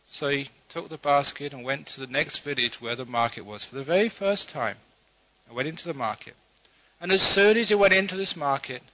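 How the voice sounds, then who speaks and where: A man giving a humorous Buddhist talk, telling stories in a relaxed, unhurried way with pauses and chuckles. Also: mid-range voice. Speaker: Buddhist teacher. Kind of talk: humorous dharma talk with storytelling. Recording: dull lo-fi talk recording.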